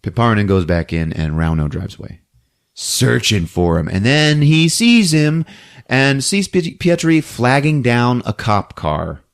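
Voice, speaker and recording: A man hosting a podcast, recapping a movie scene by scene, jumping into quick character voices and laughing often. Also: mid-range voice, big pitch swings, gravelly, smooth. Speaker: podcast host.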